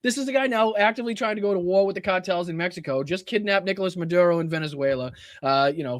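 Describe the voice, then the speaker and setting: A man's voice: a little high, a bit bright, no echo, studio quality. A man hosting a podcast, reacting to clips in casual political commentary, incredulous, swearing and laughing as he talks. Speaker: podcast host.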